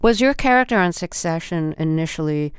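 A woman hosting a radio interview, asking measured, precisely worded questions into a studio microphone. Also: fairly low pitch, expressive, clear, resonant tone, no room sound.

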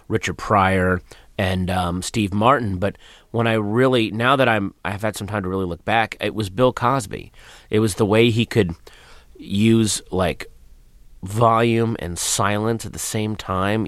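A comedian in a radio studio, speaking in a low voice. He answers thoughtfully, often trailing off into quieter asides. The sound is dry with no room echo. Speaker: comedian guest. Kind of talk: interview answers.

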